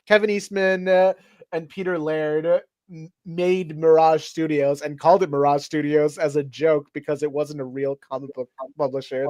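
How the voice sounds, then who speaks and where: A man hosting a casual comic book review chat. He rambles with many fillers in a somewhat high voice. The room is dry. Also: a little mellow, no room sound. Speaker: host.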